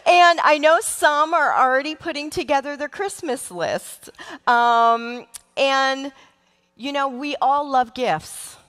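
A woman's voice: high voice, slow pace, a bit bright. A middle-aged woman who leads a church's children's ministry, giving a sermon to the congregation in an earnest, emotional way, with frequent ums. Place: large church sanctuary. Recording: long church hall reverb.

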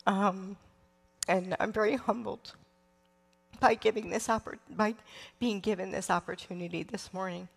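Middle-aged woman preacher, unhurried and heartfelt, speaking into a stage mic in a reverberant sanctuary. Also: medium pitch, steady tone, creaky. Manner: warm, emotional, slow and earnest with frequent ums. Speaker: children's ministry leader. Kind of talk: church sermon. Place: large church sanctuary. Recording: long church hall reverb.

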